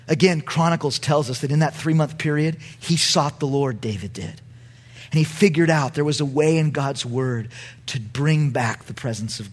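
Animated husky-voiced male preacher. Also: on the high side. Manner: animated preaching, rising to shouts at climaxes. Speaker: pastor. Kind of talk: sermon.

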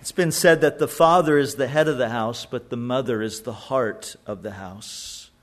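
A man's voice: mid-range voice, normal speed. A middle-aged male pastor preaching a sermon in a conversational way, often repeating words as he goes. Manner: conversational, stumbling repetitions.

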